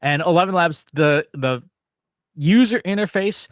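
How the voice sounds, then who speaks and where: A man's voice: fairly high pitch, a little slow, no room sound, clean studio sound. Chatty man demoing tools. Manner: loose, chatty, many fillers. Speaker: co-host. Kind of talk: casual chat with tool demos.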